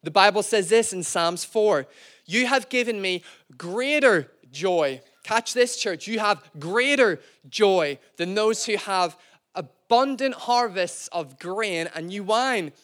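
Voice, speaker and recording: Male pastor, young adult, pitched high; jokey, self-mocking storyteller who keeps addressing the congregation. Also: expressive, slow, a bit bright. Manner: playful, self-deprecating storyteller, calls to the church. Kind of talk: sermon with storytelling.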